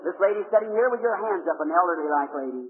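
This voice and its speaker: A man's voice: high voice, lively intonation, fast talker, faint music behind. A man preaching at a healing revival who calls out people in a large meeting hall and quizzes them with short questions. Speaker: healing evangelist. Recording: old tinny archival hall recording.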